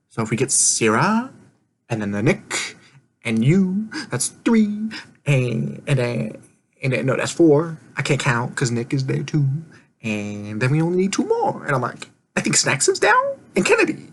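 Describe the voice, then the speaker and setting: A man's voice: medium pitch, slight background noise. A man casually recapping an online game he played, rambling and laughing often, swearing offhandedly and acting out his own quoted lines.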